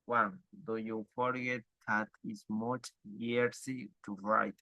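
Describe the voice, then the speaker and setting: Man reading aloud for an exam; slow, halting delivery, lowish voice, dry close sound. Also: little pitch movement, sharp tone, no echo, muffled recording. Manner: halting, stumbling reading with restarts.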